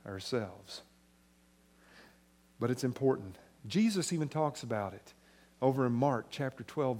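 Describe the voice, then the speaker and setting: A male pastor preaching a sermon in a conversational way, rising to emphatic points and dropping soft and low.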